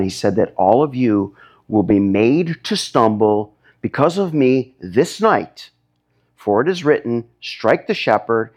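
A man preaching a sermon, emphatic, his voice rising high when he gets stirred up. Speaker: pastor.

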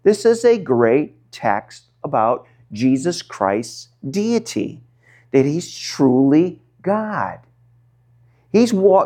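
A male pastor preaching a sermon, stretching out words for dramatic emphasis and swinging between quiet and loud. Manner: dramatic, drawn-out emphasis with wide swings in pitch and loudness.

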